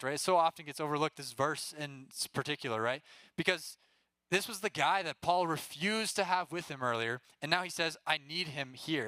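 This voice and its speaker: A young man speaking as a youth pastor, giving a casual, animated talk to students. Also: fairly high pitch, clean tone, no room sound.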